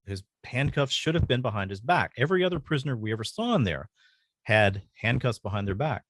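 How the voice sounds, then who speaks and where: A man's voice: medium pitch, lively intonation, fairly bright tone, no room sound. Earnest guy telling his own story, stops and starts a lot, dry close mic. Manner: halting, earnest, pauses often. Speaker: podcast guest. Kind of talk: personal storytelling.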